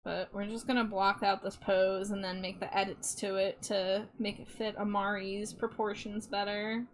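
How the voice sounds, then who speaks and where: A woman's voice: medium pitch, flat delivery, normal speed. A woman streamer chatting casually while she draws, laughing often between remarks. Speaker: streamer drawing live.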